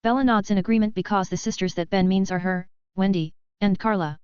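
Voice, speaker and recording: A woman reading a fanfiction novel aloud in a very smooth, clean voice. Her narration stays steady and even. The recording is dry and a little dull, lo-fi. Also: medium pitch, a little fast, dry recording. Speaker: audiobook narrator.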